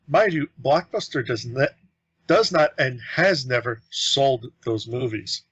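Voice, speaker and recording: A man's voice: medium pitch, a little slow, a bit bright, slightly rough, dry recording, highs cut off. A young adult man co-hosting a podcast, telling rambling stories in casual chat and acting out the people in them. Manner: rambling anecdotes with acted-out quotes. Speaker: podcast co-host.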